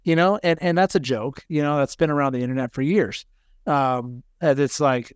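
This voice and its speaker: A man's voice: on the high side, moderate pace, clear, resonant tone, no room sound, studio quality. A man hosting a casual podcast, talking in a rambling way with many restarts. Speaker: podcast host, firefighter.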